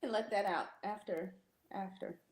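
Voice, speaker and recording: A woman co-hosting a casual chat show, reacting fast and laughing along. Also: mid-range voice, a crowd in the background. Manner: quick reactive comments, laughing. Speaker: co-host.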